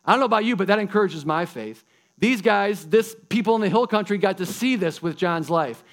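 A man's voice: high-pitched, lively intonation, brisk. A man pastor preaching a sermon in a casual, enthusiastic way. He calls his listeners guys and folks.

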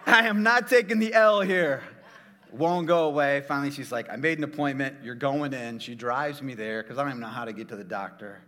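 A man's voice: fairly high pitch, fairly quick, pushed and bright, long reverb tail, a little hiss or hum. A middle-aged man, a pastor, tells a funny personal story in a sermon, jokey and talking straight to his audience.

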